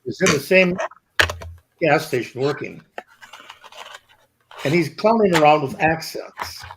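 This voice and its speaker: Casting: man with a slightly raised pitch, teasing co-host spinning yarns in casual chat. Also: animated, a little slow, vocal fry, a little hiss or hum. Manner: teasing, sets up stories about his friend. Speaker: podcast co-host.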